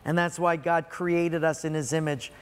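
A man preaching a sermon to a congregation, dramatic, swinging between loud emphasis and quiet, drawn-out words. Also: on the high side, fairly even intonation, clean tone. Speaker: pastor. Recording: long hall reverb.

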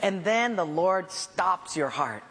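A man's voice: sits high, slow pace, vocal fry, breathy edge. A middle-aged man, a pastor, telling a self-mocking story in a sermon and acting out the voices in it. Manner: animated, self-mocking, acts out the voices in his stories. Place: church hall. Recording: reverberant hall with faint background hiss.

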